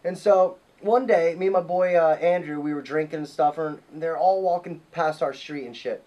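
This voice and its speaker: Man, high voice, podcast host, profane excitable storyteller. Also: normal speed, highs cut off. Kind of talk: casual storytelling.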